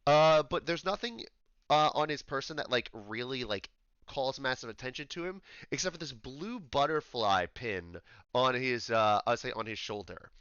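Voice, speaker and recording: Game master narrating a tabletop game, a man with a sharp, lively voice. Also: mid-range voice, moderate pace, smooth, no room sound, highs cut off. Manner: loose and rambling, with many fillers.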